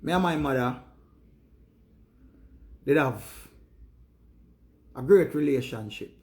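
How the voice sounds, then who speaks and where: A man's voice: medium pitch, expressive, takes it slowly, darkish tone. A man with a Jamaican accent giving an earnest, preachy monologue in Patois to his viewers. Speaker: live streamer.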